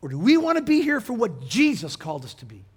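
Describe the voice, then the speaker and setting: A man's voice: high-pitched, huge pitch swings, fast, husky. A man preaching a sermon to his congregation, conversational and direct, asking them questions and building to emphatic points. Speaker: pastor.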